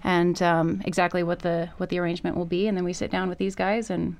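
A woman's voice: lowish voice, flat delivery, fast talker, a little mellow. A woman, a singer and songwriter, talking in a modest, giggly way in a radio studio interview.

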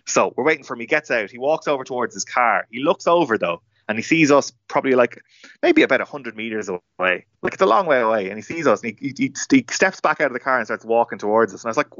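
A young Irish man tells a story at a quick clip, acting out quotes and tripping over restarts. The sound is dull and lo-fi, and it is very dry. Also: mid-range voice, no echo. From Ireland. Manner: animated, acts out quotes with many restarts. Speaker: journalist guest. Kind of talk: storytelling in a podcast interview.

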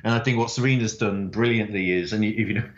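A man's voice: fairly low pitch, fairly even intonation, quick pace, roomy sound, muffled recording. A man, a writer, chatting in an interview and telling stories with many fillers. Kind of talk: interview conversation.

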